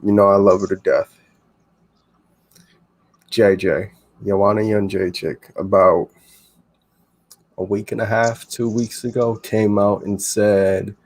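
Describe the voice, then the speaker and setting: A man co-hosting a casual podcast about fights, talking in an animated way with quick asides and some swearing. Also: lowish voice. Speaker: co-host.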